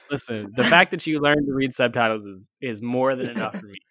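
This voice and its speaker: A man's voice: medium pitch, moderate pace, sharp tone, dry recording. A man co-hosting a casual movie podcast, talking in a playful, teasing way with emphatic asides. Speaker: podcast co-host. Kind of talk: casual chat.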